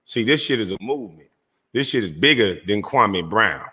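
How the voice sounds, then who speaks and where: Confrontational male streamer host, mocking tone, bright forceful voice. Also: on the low side, lively intonation, moderate pace, slightly rough, in a large hall. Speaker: online show host. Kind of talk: heated livestream rant.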